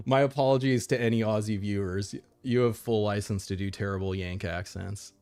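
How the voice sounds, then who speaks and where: A man's voice: on the low side, a little slow, dark tone, soft background music. An American man giving casual, rambling game commentary, laughing often and restarting his sentences. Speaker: streamer.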